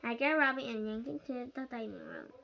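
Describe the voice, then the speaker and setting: A child reading a storybook aloud, halting, with slips and restarts. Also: mid-range voice, lively intonation, creaky, lo-fi sound, background noise. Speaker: reader.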